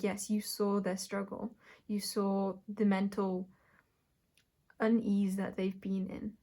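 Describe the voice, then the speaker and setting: A woman with a mid-pitched voice gives an intuitive tarot reading. She talks her way through it, stopping to rephrase and correct herself and breaking into small laughs. The pace is unhurried and reflective. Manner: searching, self-correcting, thinks aloud with soft laughs. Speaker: tarot reader.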